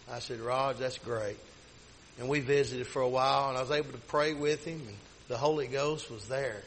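A man's voice: mid-range voice, steady tone, normal speed, slight background noise, poor audio. A middle-aged man, a pastor telling a personal story in a rambling, folksy sermon style. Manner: folksy, rambling with many restarts.

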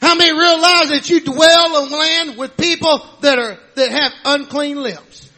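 A man preaching a fervent sermon, often shouting, with frequent amens and hallelujahs. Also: extremely high pitch, a little slow.

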